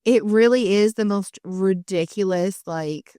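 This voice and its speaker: A woman co-hosting a podcast in casual chat, telling stories lively and acting out the people she quotes. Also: medium pitch, unhurried, clean tone, dry recording, studio quality. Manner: animated storyteller, acts out quoted people. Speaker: podcast co-host.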